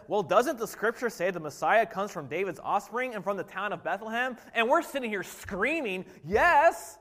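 Animated high-voiced preacher in a reverberant hall. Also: male voice. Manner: animated, rhetorical questions, swings between loud and hushed. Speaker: pastor. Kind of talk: sermon.

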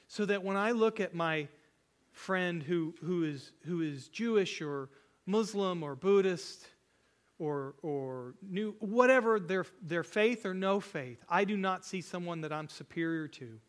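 A male pastor delivers a sermon with a notably high voice. He speaks slowly and earnestly, leaning on repetition to drive each point home. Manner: earnest, repetitive preaching with rising emphasis.

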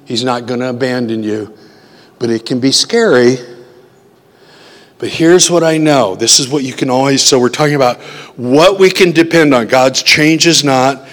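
A man preaching a sermon in a conversational way, often asking his listeners questions. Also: mid-range voice. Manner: conversational, asks the audience questions. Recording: long hall reverb.

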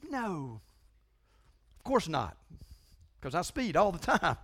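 A man's voice: sits high, big pitch swings, slow, fairly bright tone, slightly rough. A man preaching a sermon in a conversational, emphatic way, often repeating himself. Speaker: pastor.

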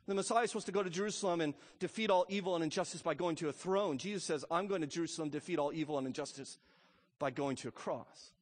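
A pastor preaching a sermon, emphatic, swelling loud and then dropping to a hush. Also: male voice, on the high side, fast talker. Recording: long reverb of a church hall.

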